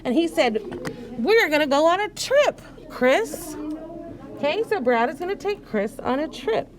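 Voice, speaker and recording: Woman, teacher, high voice, slow patient sounding-out, classroom crowd behind. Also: big pitch swings. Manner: patient, sing-song coaching, sounding out words slowly. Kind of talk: early reading lesson.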